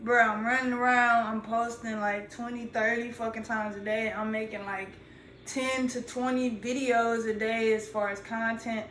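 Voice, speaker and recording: A woman's voice: fairly high pitch, fairly even intonation, normal speed, a bit bright, a little hiss or hum. A young adult woman, a content creator, talking straight to her phone in a rambling, profane, slang-heavy vlog monologue. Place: indoors, standing while talking. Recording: echoey room.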